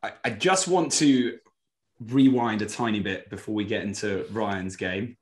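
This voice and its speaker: A man co-hosts a relaxed podcast with a fairly low voice. He teases his companions and steers the chat with pointed questions. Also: measured pace. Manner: teasing, asks leading questions.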